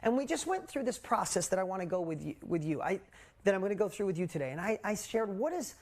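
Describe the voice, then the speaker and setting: A man in his forties, a coach hosting a live group call, telling a personal story in a candid, animated way with casual swearing. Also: high voice, fast talker. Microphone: video call.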